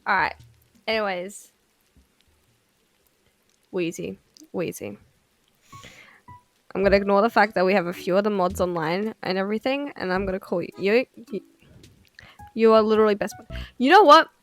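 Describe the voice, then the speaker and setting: A woman streamer chatting casually on a livestream, excitable and giggly, swearing freely. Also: mid-range voice, normal speed, long pauses.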